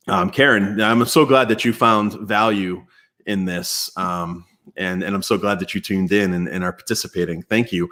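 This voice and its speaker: A man hosting a casual live-stream Q&A from an indoor desk mic, chatty and relaxed, with many fillers and restarts. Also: low-pitched. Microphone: external mic at home computer.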